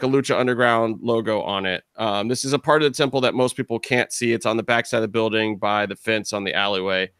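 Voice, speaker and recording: A man's voice: mid-range voice, a bit bright, smooth, no room sound, clean studio sound. A man co-hosting a casual wrestling podcast round table, telling a long behind-the-scenes story with laughs and swearing. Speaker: podcast co-host.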